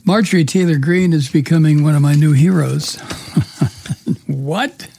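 A man hosting a political talk show, sardonic and rambling with many fillers, with a weak husky voice. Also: a little high, a little slow, mellow, a little hiss or hum. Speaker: radio talk show host. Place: home studio in the mountains.

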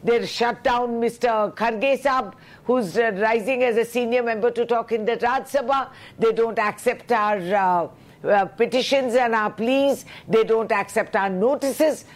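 A woman's voice: on the high side, a little slow. A woman member of parliament, speaking with indignation and rhetorical questions in a heated news interview.

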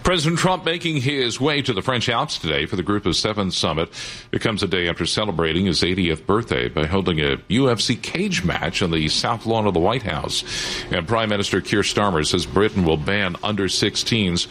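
A man reading world news in a steady, formal way. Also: low-pitched, a little fast. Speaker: news reporter. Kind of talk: scripted world news read.

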